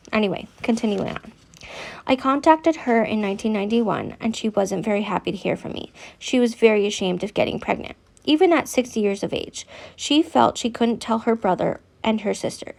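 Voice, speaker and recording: A woman's voice: a little high, gravelly, a little mellow. A woman who is an adoptee, reading letters from a book aloud and stopping to give her own earnest, candid reactions.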